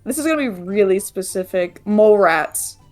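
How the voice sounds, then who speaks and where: A woman's voice: mid-range voice, animated, normal speed, a little mellow, faint music behind. A woman playing in a tabletop game, chatting casually with lots of fillers. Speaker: player.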